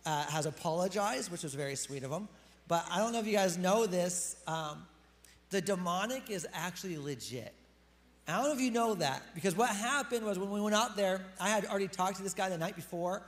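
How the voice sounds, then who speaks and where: High-voiced man preaching casually in a hall. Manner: casual, chatty, addressing the congregation directly. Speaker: pastor. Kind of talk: sermon. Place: church hall with a live congregation.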